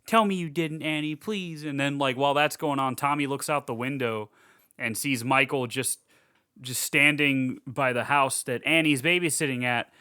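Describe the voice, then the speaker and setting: A man's voice: mid-range voice, fairly even intonation, moderate pace, sharp tone, clear, resonant tone, dry recording, studio quality. A man co-hosting a podcast, casually recapping a horror film, swearing, laughing, and acting out the characters' lines. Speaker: podcast co-host. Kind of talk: casual movie recap chat.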